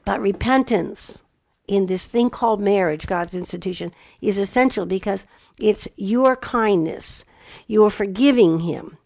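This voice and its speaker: A middle-aged woman teaching about marriage, slow and emphatic, with playful asides. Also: medium pitch, vocal fry, darkish tone, no room sound, studio quality. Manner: slow emphatic delivery, spelling words out. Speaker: Bible teacher. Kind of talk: teaching talk.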